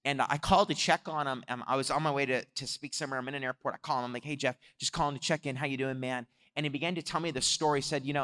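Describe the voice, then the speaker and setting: A man preaching a sermon, telling a story in an animated way and swelling louder on his exhortations. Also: on the high side. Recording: long hall reverb.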